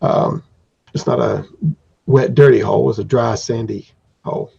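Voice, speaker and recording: A man's voice: mid-range voice, steady tone, moderate pace, creaky, warm tone, husky. A man acting as game master, narrating a tabletop game in a rambling, descriptive way on a dull lo-fi recording.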